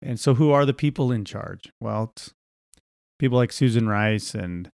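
A man's voice: mid-range voice, moderate pace, creaky, a little mellow, no room sound. Co-host, casual male, hesitant delivery, dry close sound. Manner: hesitant, filler-heavy. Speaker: podcast co-host. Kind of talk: casual conversation.

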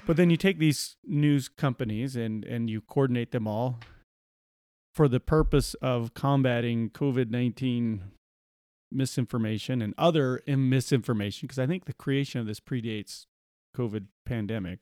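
A man's voice: mid-range voice, normal speed, a little mellow, dry recording, clean studio sound. A man co-hosting a casual podcast, reading news quotes aloud with sarcastic asides. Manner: reads quotes aloud, sarcastic, laughs often. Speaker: podcast co-host. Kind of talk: casual conversational commentary.

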